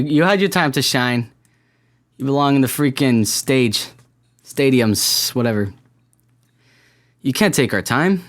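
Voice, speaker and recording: A man hosting a solo podcast, rambling in a self-deprecating way with lots of fillers and restarts. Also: medium pitch. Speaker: podcast host. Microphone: camera-recorded podcast setup.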